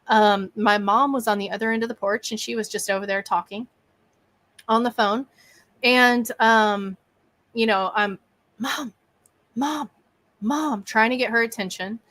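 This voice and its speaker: A woman, a guest on a podcast, telling a story with lively energy and acting out her own thoughts and quotes. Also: medium pitch, moderate pace. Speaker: bigfoot researcher and podcast guest.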